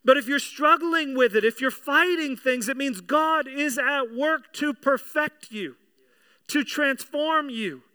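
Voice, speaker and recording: This pastor preaches a sermon in a very high-pitched, slow voice that sounds pushed and bright. He's earnest and conversational, repeating his words often and putting questions to the congregation.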